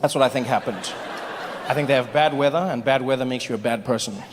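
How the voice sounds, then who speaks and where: A man from Africa doing stand-up comedy, animated and mocking as he builds to each punchline. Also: medium pitch, quick pace, noisy background. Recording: live hall with audience.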